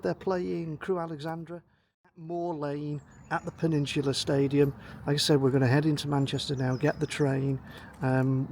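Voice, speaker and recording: A man from North West England vlogs outdoors on a handheld camera mic while walking to a station, a bit out of breath. He chats casually about a football trip, thinking aloud with ums, his mid-range voice creaky and a little mellow over slight hiss or hum.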